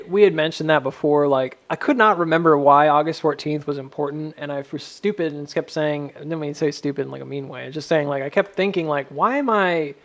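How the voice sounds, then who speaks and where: Man, somewhat high voice, gravelly, rambling self-mocking chart vlogger. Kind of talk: casual chart commentary.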